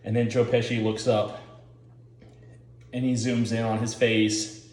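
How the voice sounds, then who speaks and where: A man's voice: medium pitch, level tone, a little slow, a little mellow, roomy sound, a little hiss or hum. A man giving rambling, profane casual commentary, full of filler words, as the host.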